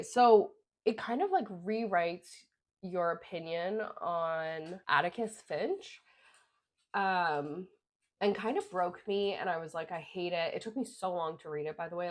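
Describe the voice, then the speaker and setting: A young woman vlogger talking casually through her book rankings, rambling with lots of fillers. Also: lowish voice. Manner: chatty, rambling with many "like" fillers. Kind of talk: casual book review chat.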